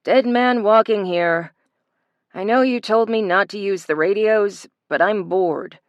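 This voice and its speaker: A narrator voicing a bored young man who talks in a flat, mellow, disinterested way in an audiobook thriller. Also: high-pitched, takes it slowly, clean tone, no room sound, muffled recording.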